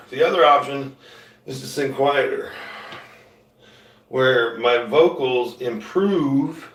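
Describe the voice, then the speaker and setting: Casual musician, male, loud and rambling, recorded in an echoey room away from the mic. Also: mid-range voice, takes it slowly, pauses often. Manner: loud talker, rambling with restarts. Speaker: musician streaming live. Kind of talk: casual chat to viewers. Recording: roomy sound, mic at a distance.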